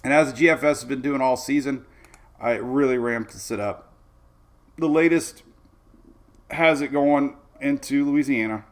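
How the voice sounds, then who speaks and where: A Florida weather host speaks in a mid-range voice at a moderate pace with long pauses, leading a casual weather talk. He walks loosely through forecast maps, tossing in playful asides and plenty of fillers.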